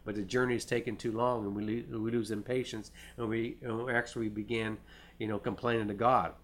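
A man's voice: lowish voice, level tone, brisk. A middle-aged man preaching a sermon in an earnest way, often restarting phrases and reading scripture aloud.

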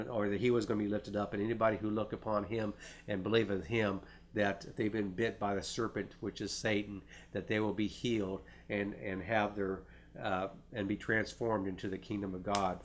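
This earnest sermon comes from a middle-aged man with a lowish voice, who keeps restarting phrases and reads passages of scripture aloud.

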